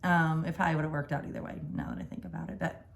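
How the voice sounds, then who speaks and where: A woman's voice: low-pitched, quick pace, vocal fry. A woman telling a personal story in a casual storytime vlog, rambling and correcting herself as she goes. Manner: rambling, self-correcting, animated. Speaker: vlogger telling a birth story.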